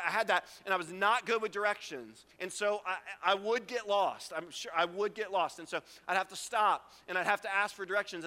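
A middle-aged man preaching a sermon as pastor, animated, acting out quotes and laughing often. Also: sits high. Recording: reverberant hall.

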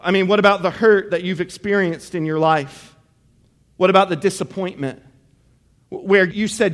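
A man's voice: high-pitched, moderate pace. A man preaching a sermon as pastor, reading scripture dramatically and pressing the congregation with rhetorical questions. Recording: long hall reverb.

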